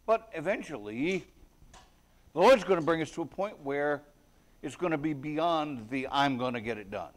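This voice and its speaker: A man's voice: fairly high pitch, lively intonation, moderate pace. A man preaching a sermon at a prayer meeting, talking earnestly and conversationally, with bursts of emphasis and scripture read aloud. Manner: reads scripture aloud in King James wording.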